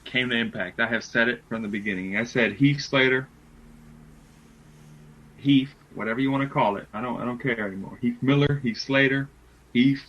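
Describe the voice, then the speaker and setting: A man co-hosting a casual podcast, making wrestling predictions and talking in excited, emphatic bursts that repeat words. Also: mid-range voice, normal speed, highs cut off. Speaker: podcast co-host.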